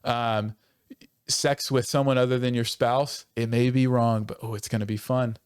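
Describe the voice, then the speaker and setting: A man's voice: mid-range voice, little pitch movement, clean tone, no echo, studio quality. A man, a pastor, talking earnestly and passionately in a conversational church podcast, often restarting his sentences. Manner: earnest and passionate, quickening when stirred, with self-interrupting restarts.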